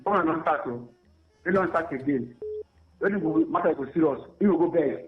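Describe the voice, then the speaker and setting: A man calling into a radio show with a Nigerian Pidgin accent, talking rapidly and repeating himself. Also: fairly high pitch. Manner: rapid and repetitive. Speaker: caller. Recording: tinny phone line with music behind.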